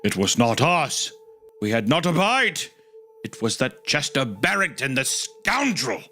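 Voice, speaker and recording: A man voicing a whiny, starving Victorian gentleman in a theatrical, pompous put-on, reading a comedic story aloud with friends. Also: medium pitch, big pitch swings, a little slow, faint music behind. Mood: indignant. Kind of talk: comedic read-along with friends.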